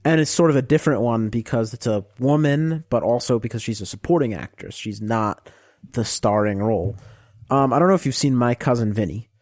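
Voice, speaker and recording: A man's voice: mid-range voice, brisk, a little mellow, dry recording, studio quality. A man with a New York accent, co-hosting a podcast in a rambling casual way with many restarts. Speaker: podcast co-host.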